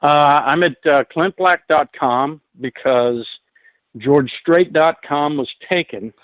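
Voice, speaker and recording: A man from New Jersey, a musician guest in a casual interview, talking in a relaxed, rambling way with many fillers. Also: on the high side, slow, no room sound, rough recording. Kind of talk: casual interview over the line.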